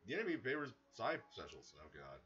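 A man giving casual, excitable commentary as he plays a video game, breaking into sudden loud outbursts. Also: medium pitch, fast talker, muffled recording, a little hiss or hum. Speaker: gaming streamer. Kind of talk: casual let's-play commentary.

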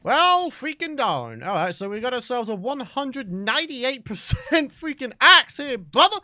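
A young British man giving excited, chatty let's play commentary as the host of a gaming channel. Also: very high-pitched, normal speed, dry recording, studio quality. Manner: excitable, chatty, bursts into shouts and laughs.

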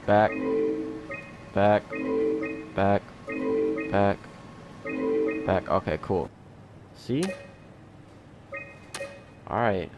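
A man playing a horror game, talking to it out loud, jumpy and quick to swear. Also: on the low side, loud music behind the voice. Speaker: gaming video host. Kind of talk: let's play horror game commentary.

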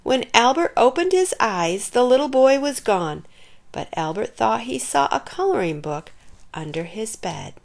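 A woman reading a children's picture book aloud in an expressive storytelling manner. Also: fairly high pitch, measured pace, gravelly. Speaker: storybook reader.

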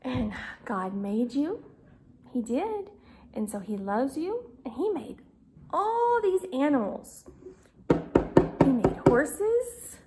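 A woman's voice: high-pitched, sing-song, slow pace, long pauses, noisy background. A woman teaching a Bible class to small children from home, in a sing-song, exaggerated way with songs and animal sounds.

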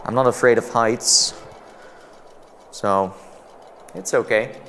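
A man's voice: mid-range voice, fairly even intonation, takes it slowly, fairly bright tone, slight background noise. A man giving let's-play commentary on a game. He is jumpy and jokey, exclaiming and laughing as he plays. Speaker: VR gameplay commentator.

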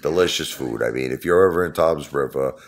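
Middle-aged guy, super deep voice, just rambling and cracking jokes about himself on his channel. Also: a little fast, creaky. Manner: joking, self-mocking storyteller. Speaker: YouTube host. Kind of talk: casual rambling vlog talk.

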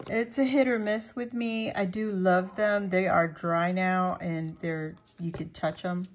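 A woman crafting vlogger talking casually to her viewers as she shows her handmade pieces, chatty and quick to laugh. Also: on the low side. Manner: chatty, laughs often, talks to viewers while showing her work.

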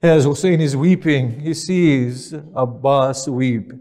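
A man's voice: mid-range voice, takes it slowly, dark tone. A male preacher narrating a mournful sermon in a solemn voice that rises into lament.

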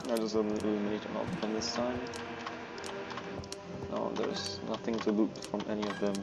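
A man's voice: lowish voice, monotone, normal speed, vocal fry, over loud music, poor audio. A man giving casual gameplay commentary, often exclaiming in frustration at the game.

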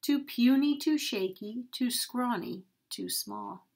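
A woman reading a rhyming story aloud to children at a church, expressive and sing-song. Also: fairly high pitch, slow, slight background noise.

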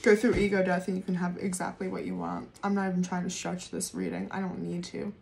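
A woman doing a casual tarot reading to camera, excitable, swearing freely and laughing often. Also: fairly low pitch, brisk, creaky, slight background noise. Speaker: tarot reader.

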